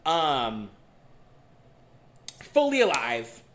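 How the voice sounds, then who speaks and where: A young man co-hosting a podcast, telling a dating story in a casual, animated and profane way. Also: medium pitch, drawn-out words. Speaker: podcast co-host. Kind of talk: casual chat.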